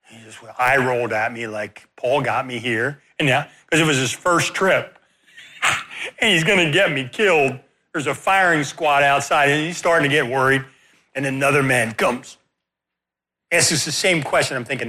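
A man preaching in a sermon, telling a story in an animated, self-deprecating way. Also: mid-range voice, normal speed.

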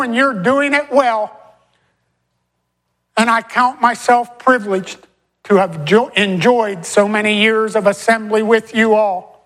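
A woman preaching a farewell sermon, slowing down and stretching key phrases and repeating short refrains. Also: high-pitched, low-quality recording.

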